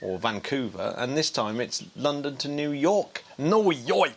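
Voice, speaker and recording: Casting: male podcast co-host, mid-pitched, animated and jokey, laughs a lot. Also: moderate pace, vocal fry. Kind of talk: casual chat.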